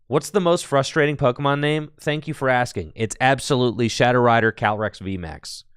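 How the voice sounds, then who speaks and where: A man's voice: medium pitch, fairly quick, smooth, no room sound, studio quality. A man casually commentating a card game tournament stream, rambling with jokey asides and answering chat.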